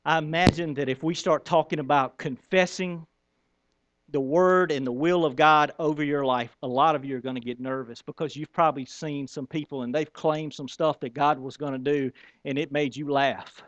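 A man preaching a sermon in an animated, conversational storytelling manner. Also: on the high side, normal speed, no echo, muffled recording. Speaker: pastor.

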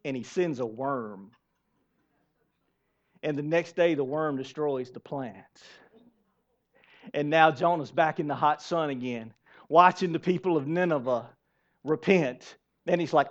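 A male pastor preaching a sermon in a church, animated and asking the congregation rhetorical questions. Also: fairly high pitch, unhurried, pauses often. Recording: dull lo-fi sermon recording.

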